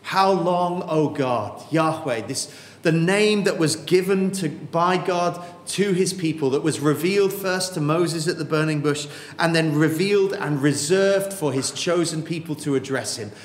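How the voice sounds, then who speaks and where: Earnest preacher man in an echoey hall. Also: a little high. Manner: earnest, emphatic preaching with dramatic pauses. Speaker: pastor. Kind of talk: sermon. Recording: echoey hall with faint ambience.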